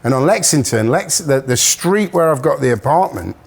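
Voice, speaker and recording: A man's voice: fairly high pitch, expressive, moderate pace, gravelly. A middle-aged man, a musician guest telling stories in casual chat and laughing often. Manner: chatty storyteller, laughs often.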